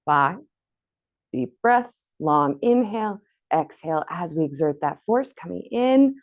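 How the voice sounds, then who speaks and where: A woman's voice: fairly low pitch, lively intonation, measured pace, dull audio. A woman leading a guided floor workout, counting reps aloud and encouraging, a little out of breath from exercising along. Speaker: fitness instructor.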